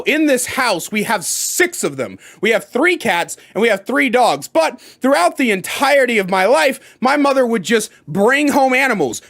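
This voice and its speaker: A young man telling a story about his childhood in an exasperated, profane, animated way. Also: sits high. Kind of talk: storytime vlog.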